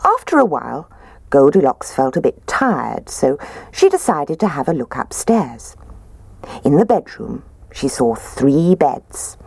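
A woman reads a children's story aloud with a low, husky voice that swoops up and down. Her delivery is expressive and sing-song, recorded close and dry. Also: no room sound.

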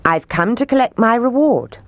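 A woman's voice: on the high side, expressive, normal speed, dry recording, pitched above the performer's own voice. Woman doing the mysterious Pied Piper. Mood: firm. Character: mysterious male piper, bold stranger.

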